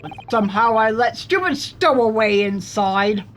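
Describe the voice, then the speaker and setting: A woman's voice: a little high, animated, normal speed, slight background noise, natural voice. A woman voicing a rude grown male sailor in a mock Russian accent, speaking blunt broken English while reading game dialogue aloud. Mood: surly.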